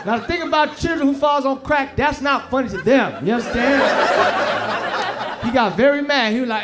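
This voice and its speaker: High-voiced animated male comic. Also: moderate pace. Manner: loud, animated, streetwise banter with the crowd. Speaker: stand-up comedian. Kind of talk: stand-up comedy set. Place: comedy stage. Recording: live show, loud crowd laughter and noise.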